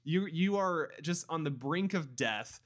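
A man's voice: a little high, a little slow. A man co-hosting a casual podcast chat, emphatic and acting out little quotes as he talks. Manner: animated and emphatic, acts out quotes. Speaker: podcast co-host.

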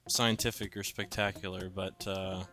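A man's voice: low-pitched, little pitch movement, normal speed, pushed and bright. A young man, a webcomic co-creator, in casual podcast banter, teasing his co-host with wry asides.

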